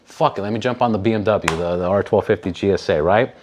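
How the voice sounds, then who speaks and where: A man telling a long story in a casual podcast conversation, animated, swearing freely and acting out what other people said. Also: low-pitched, fast talker, a little hiss or hum.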